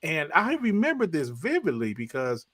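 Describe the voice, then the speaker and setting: Bright, animated man ranting. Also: a little high, normal speed. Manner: animated ranting with repeated punchlines. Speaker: podcast panelist. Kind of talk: casual podcast chat.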